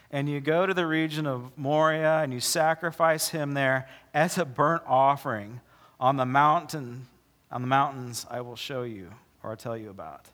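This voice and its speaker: A man preaching a sermon as pastor, mixing casual joking asides with slow, dramatic readings of scripture. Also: medium pitch, a bit bright.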